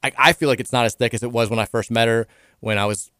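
Man, kentucky accent, radio sports host, rapid chatty delivery, dry close sound. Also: medium pitch, steady tone, a bit bright, no room sound. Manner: quick and chatty, with frequent restarts. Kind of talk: casual radio chat.

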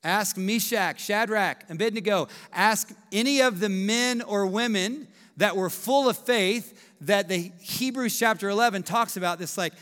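A man in his thirties, a pastor preaching a sermon with emphatic, animated delivery and acted-out quotes. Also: high voice, measured pace, hardly any pauses. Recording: echoey hall reverb.

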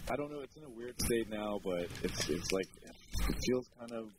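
A man's voice: fairly low pitch, lively intonation, normal speed, very noisy. A man calling in to a podcast, hesitant and searching for words. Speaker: caller. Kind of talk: phone-in chat.

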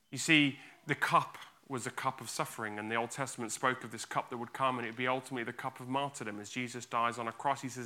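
A man preaching an earnest, expressive sermon in church and acting out the quotes he reads. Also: mid-range voice, fairly quick. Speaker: pastor.

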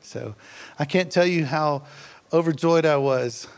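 Joking preacher in an echoing hall. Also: male voice, fairly high pitch, unhurried, smooth. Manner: jokey, conversational, laughs at himself. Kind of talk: sermon. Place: church hall. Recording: long hall reverb.

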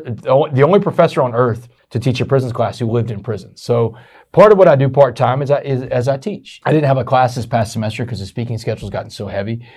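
A middle-aged man, a motivational speaker telling his story in an interview, animated and fast, often saying "man". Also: mid-range voice, breathy edge. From Texas, USA.

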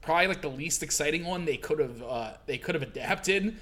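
A man in casual conversation, animated and quick to laugh, with a self-deprecating streak. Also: fairly high pitch. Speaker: podcast co-host. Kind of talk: casual chat about manga.

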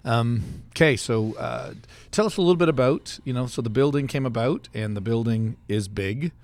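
A man hosts a church podcast in a relaxed, rambling way, circling back and restarting his thoughts. His mid-pitched voice has a gravelly edge to it. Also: normal speed. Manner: rambling, chatty, many fillers and restarts, laughs easily. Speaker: podcast host and church pastor. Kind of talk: casual podcast conversation. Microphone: studio mic.

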